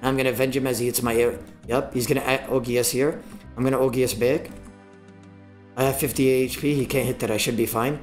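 A man streaming live gameplay, trash-talking and swearing a lot, with sudden bursts of yelling as he coaches viewers through fights. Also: mid-range voice, steady tone, fast talker, faint music behind.

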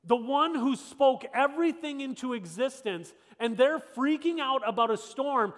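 High-voiced pastor in a reverberant church. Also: male voice, lively intonation, moderate pace, few pauses, fairly bright tone. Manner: conversational, emphatic, repeats rhetorical questions. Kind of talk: sermon. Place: church sanctuary. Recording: long church hall reverb.

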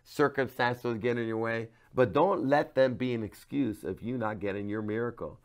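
A middle-aged male pastor delivers a devotional sermon straight to the viewer. His mid-range voice drops to near whispers for emphasis, then climbs into loud, pleading cries. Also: mid-range voice, moderate pace. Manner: passionate, swings from hushed to loud cries when quoting.

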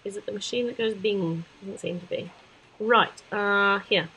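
A woman's voice: mid-range voice, a little slow, faint music behind, rough recording. A woman chattily narrating a children's app playthrough, talking to the little characters and adding sound-effect words. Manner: chatty, talking to toy figures, sudden excited squeals, sound-effect words. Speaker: kids' app demonstrator.

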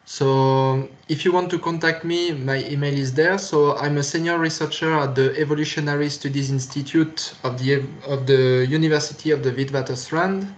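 A man's voice: on the high side, fairly even intonation, normal speed, few pauses. French-accented male lecturer, hesitant delivery. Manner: hesitant, many fillers and restarts. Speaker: university lecturer. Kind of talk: recorded online lecture. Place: recorded for a lecture video.

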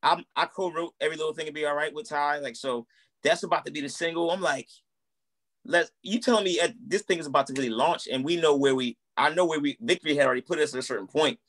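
A man's voice: on the high side, fast. A man in his thirties telling his story in a casual interview, acting out quoted dialogue. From United States. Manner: animated, acts out quoted dialogue. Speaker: guest, musician and minister.

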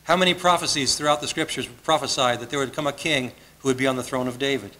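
A man's voice: mid-range voice, fairly even intonation, fast, bright, forceful tone, poor audio. A man preaching a sermon as pastor, earnest and conversational, often repeating his phrases. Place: church sanctuary.

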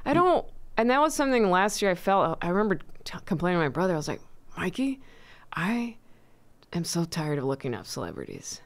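A woman comedian chatting as a podcast guest, soft-spoken and halting, often trailing off. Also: lowish voice, big pitch swings. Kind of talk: casual chat.

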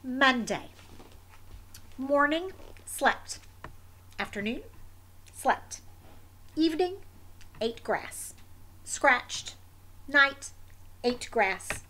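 A woman reading a picture book aloud in the voice of a sleepy, stubborn wombat, in terse, deadpan diary entries. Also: sits high, very slow, pauses often, a little hiss or hum, exaggerated voice.

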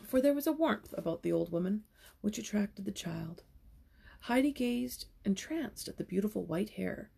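A woman's voice: mid-range voice, expressive, normal speed, vocal fry, mellow, slightly rough. A young woman reading a children's novel aloud as a storyteller, with casual asides between passages.

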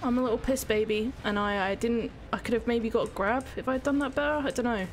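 A woman giving excitable, sweary, self-mocking commentary on her own gameplay as a streamer. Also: a little high, quick pace, slight background noise. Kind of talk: live gaming commentary.

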